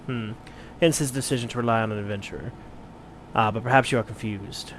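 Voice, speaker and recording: A man voicing a blind retired mercenary turned wine merchant, measured, courteous and wordy, for a game playthrough. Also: lowish voice, steady tone, fairly bright tone, a little hiss or hum. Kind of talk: let's play voice acting.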